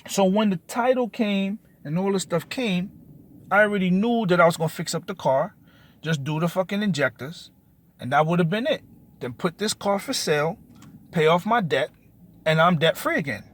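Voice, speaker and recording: A man's voice: sits high, expressive, moderate pace. A man telling a story in an agitated, profane rant, cursing and repeating himself. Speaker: vlogger.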